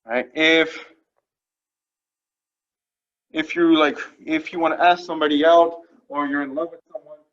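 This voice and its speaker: A man's voice: on the high side, level tone, a little slow, pauses often, fairly bright tone, muffled recording. A man teaching French vocabulary to a class, explaining each phrase patiently and checking in after each one. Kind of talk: classroom lesson.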